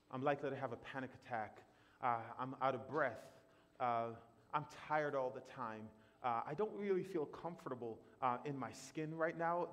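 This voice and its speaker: A man preaching a sermon in a church, animated, surging loud for emphasis and then dropping quiet and slow. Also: medium pitch. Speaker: pastor. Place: church sanctuary. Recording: long reverb of a church hall.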